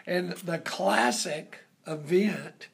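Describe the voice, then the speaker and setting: A man with a deeply gravelly, rough, husky voice recounts an old family story. He rambles at an unhurried pace and stops often for fillers.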